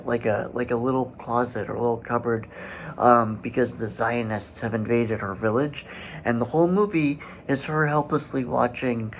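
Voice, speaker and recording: A man hosting a solo commentary podcast, speaking in a halting way with many fillers and restarts and growing indignant. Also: mid-range voice, slight background noise, rough recording. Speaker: podcast host.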